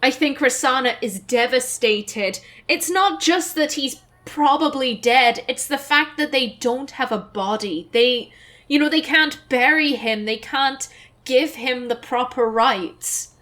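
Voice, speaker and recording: A young woman commenting on her gameplay, musing aloud and reading dialogue in a slow, thoughtful way. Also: high-pitched, fairly bright tone. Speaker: let's play host.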